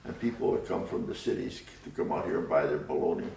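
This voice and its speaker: A man's voice: sits low, fast talker, creaky, dark tone, slight background noise. An older man reminiscing in an oral history interview, rambling and chuckling as he tells stories. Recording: roomy room, distant mic.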